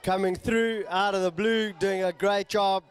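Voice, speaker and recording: A man's voice: high-pitched, steady tone, measured pace. A man calling a live rowing regatta, steadily naming each sculler and school as they come through. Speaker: regatta commentator. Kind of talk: live sport commentary.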